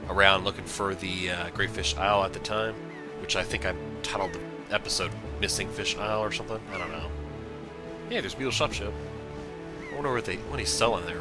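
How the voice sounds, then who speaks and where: A man with a lowish voice talks his way through a video game in loose, rambling commentary, full of goofy, self-mocking asides. Game music plays clearly behind him the whole time. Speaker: let's play host.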